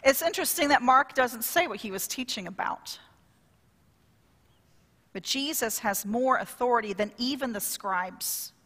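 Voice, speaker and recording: A woman pastor preaching a sermon in a lively, conversational way, drawing call-and-response from the congregation. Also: fairly high pitch, measured pace, long reverb tail.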